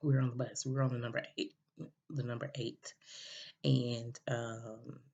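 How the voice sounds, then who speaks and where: Husky, gravelly woman rambling casually. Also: extremely low pitch, flat delivery, normal speed, dark tone. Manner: rambling, many fillers and restarts. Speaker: podcast host. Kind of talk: casual storytelling chat. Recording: dull lo-fi recording.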